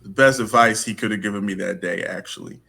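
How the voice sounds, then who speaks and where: Brief: man, interview guest, lively anecdotes with acted-out voices; lowish pitch, bright tone. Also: brisk, gravelly, slightly rough. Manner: animated, acts out dialogue with laughs. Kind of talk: casual storytelling.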